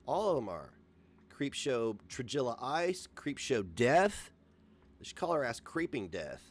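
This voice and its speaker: A man's voice: medium pitch, very animated, a little slow. A man ranting on a livestream, profane, combative and sarcastic. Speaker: livestream host.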